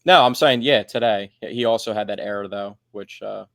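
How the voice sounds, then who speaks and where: Low-voiced teasing podcast man. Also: normal speed, gravelly, a bit bright, no room sound, studio quality. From Philadelphia area. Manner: teasing, drives the topics. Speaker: podcast co-host. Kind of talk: casual sports chat.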